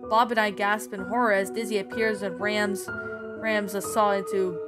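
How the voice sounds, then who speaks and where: A woman's voice: mid-range voice, level tone, normal speed. A woman reads a horror story aloud in an ordinary, mid-range voice. She delivers it earnestly, with the occasional stumble, while background music plays throughout. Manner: earnest reading with frequent stumbles. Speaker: creepypasta narrator.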